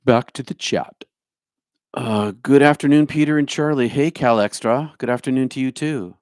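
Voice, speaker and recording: A middle-aged spiritual speaker with a New Jersey accent replies to his livestream chat, addressing viewers by name, musing aloud and humming to himself. His mid-range voice has a darkish, clean tone at normal speed, in a dry, clean studio recording.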